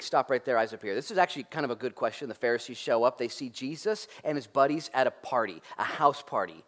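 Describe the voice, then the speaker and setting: A pastor with a medium-pitched voice preaches a fairly quick, lively sermon full of jokes, acting out the voices of the people in his story.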